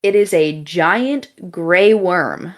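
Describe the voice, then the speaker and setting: Brief: laid-back young female podcast host, low-pitched, slow and chatty storyteller. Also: lively intonation. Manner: chatty, casual, with fillers and swearing. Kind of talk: casual storytelling.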